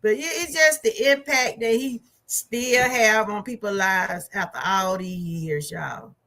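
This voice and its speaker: A middle-aged woman, reviewing a movie in a chatty, animated way. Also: mid-range voice, measured pace. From Georgia, USA. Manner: animated, chatty storytelling with laughs and asides. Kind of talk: casual chat.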